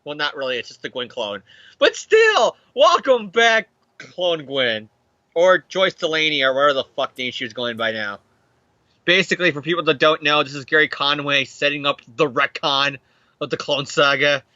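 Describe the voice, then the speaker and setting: A man's voice: on the high side, fairly quick, sharp tone, no room sound, highs cut off. A man hosting a casual comic book recap show, rambling, laughing often and acting out characters. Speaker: podcast host.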